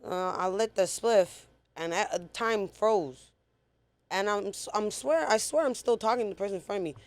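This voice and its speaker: A woman's voice: mid-range voice, normal speed. A woman guest recounting a personal story in a casual interview, talking bluntly with a lot of swearing. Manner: blunt, profane, animated retelling.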